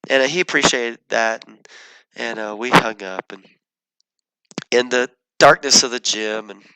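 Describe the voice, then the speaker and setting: A man's voice: medium pitch, measured pace, bright, forceful tone, slight background noise, rough recording. A man, a pastor, earnestly telling a personal story in his sermon, often restarting his sentences.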